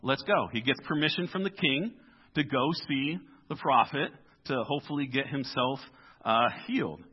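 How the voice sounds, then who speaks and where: A male pastor delivers a casual, conversational sermon in a church, acting out the people in the story with everyday voices. His pitch sits in a middle range, and the recording sounds dull and lo-fi. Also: normal speed, slightly rough. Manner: animated, acts out the story characters in casual voices.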